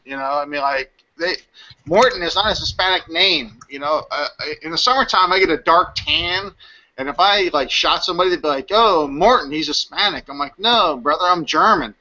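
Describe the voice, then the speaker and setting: A man from Florida ranting in a casual panel chat, animated and slangy. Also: a little high, brisk. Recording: dull lo-fi stream audio.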